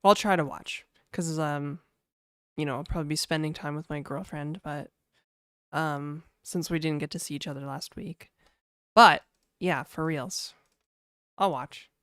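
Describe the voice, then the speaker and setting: Woman streamer, low-pitched, unhurried delivery, casual chat with viewers, dry close sound. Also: a bit bright, no room sound. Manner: laid-back, chatty, full of "like" and "dude", laughing often. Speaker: game developer streamer.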